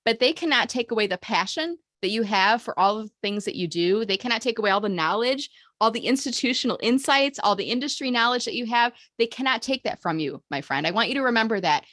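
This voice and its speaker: A woman's voice: medium pitch, pushed and bright, no room sound. Woman, motivational host, encouraging, leads group mantras, video call, dry close sound. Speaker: host of a job seeker video meeting. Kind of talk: upbeat motivational coaching.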